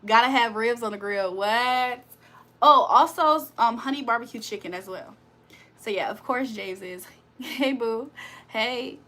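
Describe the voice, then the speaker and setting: A woman chatting on a live stream with a bright, forceful edge to her slightly high voice. She reads out viewer comments and jokes with them, and laughs often. Her talk is loose and full of slang. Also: a little slow. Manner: playful, joking, laughs often. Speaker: livestream host. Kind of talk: casual live-stream chat, reading comments aloud.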